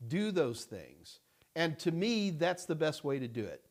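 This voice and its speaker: A middle-aged man hosting a casual live-stream Q&A, talking in a rambling, halting way with many fillers and restarts. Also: fairly high pitch, very animated. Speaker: host answering viewer questions.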